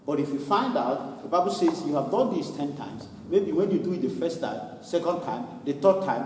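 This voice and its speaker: A man preaching a sermon as pastor, animated, laughing and imitating people as he goes. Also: on the high side, slight background noise. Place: church hall. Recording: echoey hall from far off.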